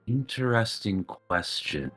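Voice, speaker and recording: Aloof tower sage, female, played by a man, deep and slow, condescending, tabletop role-play with soft music. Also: big pitch swings, exaggerated voice. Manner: measured, cool and faintly condescending.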